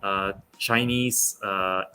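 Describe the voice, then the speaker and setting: A young man from Malaysia, talking football as a guest on a casual online show, pausing often with fillers and restarts. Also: lowish voice, fairly even intonation, bright, forceful tone, clear, resonant tone. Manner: halting, many fillers and restarts. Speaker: guest pundit.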